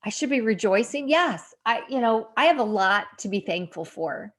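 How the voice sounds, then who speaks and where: A woman's voice: fairly high pitch, animated, normal speed. A woman, grandmother of young boys, in her fifties, speaking candidly in a casual devotional vlog from a room under remodel. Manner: reflective, candid, laughs at herself. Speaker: faith vlogger.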